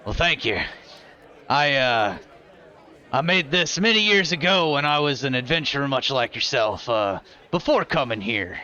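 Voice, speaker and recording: A man's voice: mid-range voice, lively intonation, moderate pace, sharp tone, lo-fi sound, a faint crowd, pitched below the performer's own voice. A man voicing a proud older male gunsmith and ex-adventurer who shows off his own invention and calls people son. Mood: boastful.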